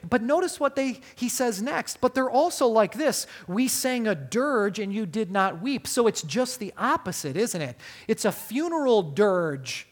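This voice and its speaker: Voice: mid-range voice, big pitch swings, unhurried. Preacher in mid-range voice, emphatic sermon delivery, keeps quizzing the congregation. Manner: asks the listeners frequent rhetorical questions; emphatic, with wide swings in loudness. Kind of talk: sermon on a Bible passage.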